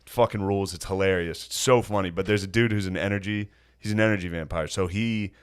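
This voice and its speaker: Man, lowish voice, podcast host, casual chat, crude stories, laughs at own jokes. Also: fairly even intonation, fast, clean tone.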